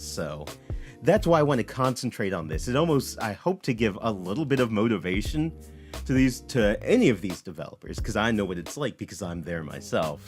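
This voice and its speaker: A man who is a game developer giving rambling, self-correcting let's play commentary on a game demo. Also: fairly low pitch.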